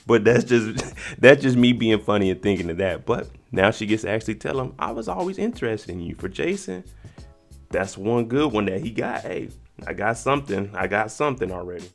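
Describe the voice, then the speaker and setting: A man giving a casual, slangy recap of a dating show, animated and acting out what the cast members said. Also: brisk, soft background music. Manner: animated, slangy, acts out quotes in higher pitch. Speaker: YouTube reaction host.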